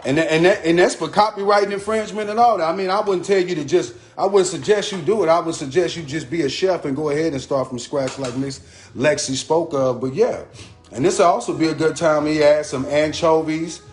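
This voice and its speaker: A man's voice: fairly high pitch, fairly quick, reverberant. A man hosting a casual live cooking stream, loose and chatty, talking to viewers by name. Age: adult. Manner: loose and chatty, repeats a catchphrase, greets commenters. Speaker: home cooking host. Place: home kitchen.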